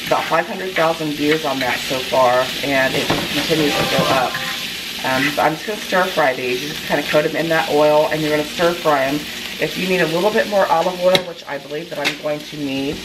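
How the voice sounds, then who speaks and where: A woman's voice: low-pitched, brisk, background noise. A woman hosting her own cooking channel, talking casually through a recipe in her home kitchen with lots of ums and restarts. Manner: chatty, with many ums and restarts. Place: home kitchen, food sizzling in a pan.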